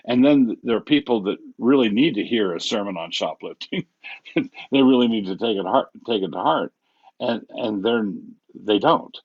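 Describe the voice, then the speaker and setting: A man's voice: on the low side, lively intonation, normal speed, dry recording, muffled recording. A man, a pastor, talking casually on a podcast with many restarts and chuckles at his own examples. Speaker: pastor and guest author.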